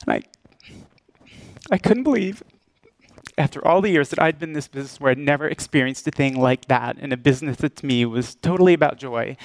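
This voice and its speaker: A man's voice: a little high, dry recording. A man, a casting director, giving a speech and telling a personal story, acting out the lines of people in it. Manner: storytelling, acting out quoted exchanges. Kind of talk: public speech. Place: event stage.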